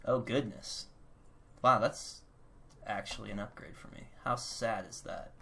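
A man's voice: fairly low pitch, fairly even intonation, unhurried, vocal fry, pushed and bright. A man hosting a gameplay video, chatting casually in a rambling, self-mocking way while he plays at his computer. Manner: rambling, self-mocking, breaks into silly voices. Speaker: gaming channel host.

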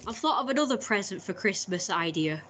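A woman's voice: medium pitch, expressive, brisk, fairly bright tone, a little hiss or hum. Chatty woman rambling on stream. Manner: rambling, chatty, restarts and corrects herself. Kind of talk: casual chat.

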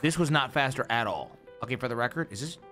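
A man streaming a game, reacting with excitable, profane, slangy banter. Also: mid-range voice, fast. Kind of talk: live gameplay reaction. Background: game music.

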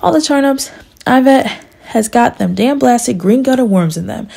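A woman's voice: on the high side, lively intonation, normal speed, gravelly, dark tone, breathy edge, pitched above the performer's own voice, exaggerated voice. Woman doing a whiny, self-pitying old farmer. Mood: pleading. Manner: pleading, complaining delivery.

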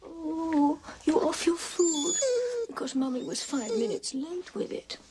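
An actress playing a snobbish, bragging upper-class neighbour, talking in an affected, condescending way. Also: female voice, high voice, a little slow, noisy background. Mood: gushing.

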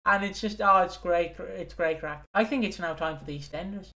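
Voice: medium pitch, fairly quick, bright, forceful tone. A Scottish co-host chatting casually on a podcast, rambling and swearing between jokey impressions. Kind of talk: casual chat.

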